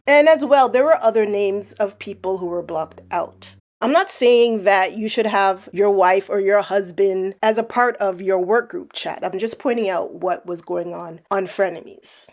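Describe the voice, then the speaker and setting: A woman's voice: mid-range voice, measured pace, few pauses, a little mellow. A woman narrating a commentary video in a casual, pointed, sarcastic way. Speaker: commentary YouTuber.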